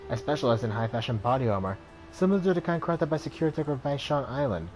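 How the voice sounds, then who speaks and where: A man's voice: medium pitch, animated, fast talker, a little mellow, soft background music, close to an everyday voice, rough recording. A man voicing a polite, proud male master tailor who talks in a courteous, formal, salesman-like way.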